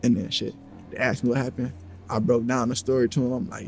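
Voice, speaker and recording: A man's voice: medium pitch, flat delivery, quick pace, creaky, slight background noise. A man interviewed as a guest, vividly retelling events and acting out what each person said. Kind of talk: storytelling in an interview.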